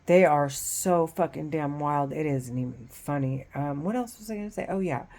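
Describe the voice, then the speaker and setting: A woman talking in a casual rambling monologue, profane and full of restarts, swinging between loud agitation and low muttering. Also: normal speed.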